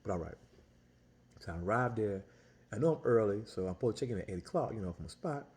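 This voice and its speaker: A man's voice: on the low side, quick pace. A man who sells Italian ice tells a story as a casual, exasperated rant, full of restarts and repeated words. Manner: animated, exasperated, lots of restarts and repetition.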